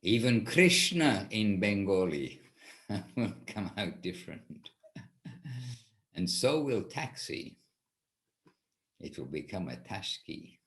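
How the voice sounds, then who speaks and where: A man's voice: fairly low pitch, sing-song, slow pace, long pauses, fairly bright tone. A man teaching an informal class, talking in a rambling way and often correcting himself. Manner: rambling, self-correcting, with restarts. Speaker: spiritual teacher leading a class.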